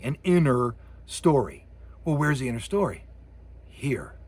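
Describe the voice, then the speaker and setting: In this recorded college lecture about sound, a middle-aged communications professor talks at medium pitch with a slightly rough voice. He jokes around and performs sound effects and voices with animated energy.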